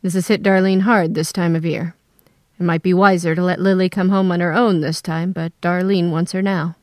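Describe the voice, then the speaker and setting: A woman voicing a frail, tired older husband who speaks in a quiet, raspy voice. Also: on the low side, level tone, moderate pace, no echo, clean studio sound, lightly acted. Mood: weary.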